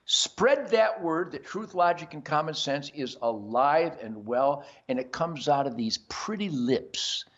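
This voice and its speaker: Older male host, brash and boisterous, lively swinging pitch, raised voice, dull lo-fi sound. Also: unhurried, few pauses. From Detroit area. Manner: boisterous, brash, self-promoting. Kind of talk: rambling monologue. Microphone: earpiece.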